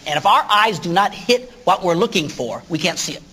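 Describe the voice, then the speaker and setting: A man preaching as a guest on a faith talk show, his voice swooping lively up and down. The tone is bright and forward, and he throws himself into acting out everyday scenes. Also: high voice, fairly quick, husky. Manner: animated, acts out stories in voices. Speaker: guest speaker.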